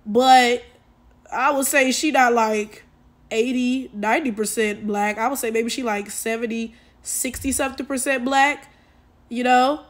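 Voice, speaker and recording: A woman ranting in a casual commentary video, exasperated and animated, using lots of slang and talking straight to her viewers. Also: a little high, measured pace. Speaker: commentary YouTuber.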